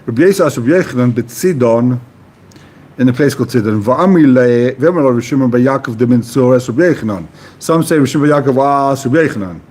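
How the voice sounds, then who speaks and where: A husky-voiced man of medium pitch, talking fairly quickly, teaches a Talmud class. He reads Aramaic phrases and translates them casually and with animation, explaining the text to a study partner.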